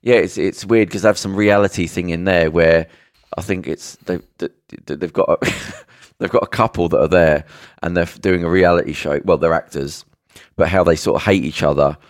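A man's voice: sits low, fairly even intonation, normal speed, no room sound, studio quality. A man co-hosting a podcast, retelling a show in a rambling way with many fillers and restarts. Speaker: podcast co-host. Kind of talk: casual chat.

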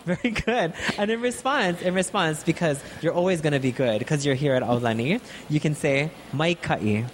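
A man teaching basic Hawaiian phrases in a playful lesson, encouraging and repeating words slowly. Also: a little high, a little hiss or hum. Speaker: Hawaiian language instructor.

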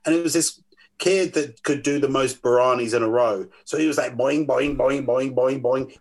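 A man, a podcast guest chatting casually and telling animated stories with quoted voices. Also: a little high. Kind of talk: casual chat.

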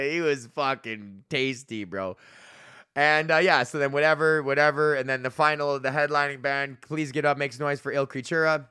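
Rambling, profane man with a bright voice. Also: on the high side, unhurried, clean tone, no room sound, studio quality. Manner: profane, rambling storytelling with lots of fillers. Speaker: podcast host and comedian. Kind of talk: solo rambling monologue.

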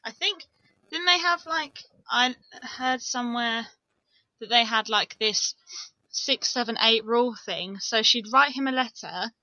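A woman's voice: a little high, measured pace, sharp tone, dry recording, lo-fi sound. A young woman, co-hosting a casual true-crime podcast, with blunt, swearing remarks. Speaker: podcast co-host.

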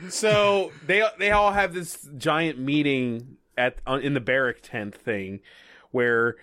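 A man's voice: mid-range voice, sharp tone. A man in casual chat, recapping a movie with friends, wry and laughing often as he mocks the characters. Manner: wry, laughs often, does quick mocking voices. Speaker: podcast co-host.

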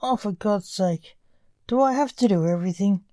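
A woman voicing an ancient male reaper who scolds and sounds exasperated, with a mellow tone. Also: mid-range voice, moderate pace, no room sound, clean studio sound, lightly acted. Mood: irritated.

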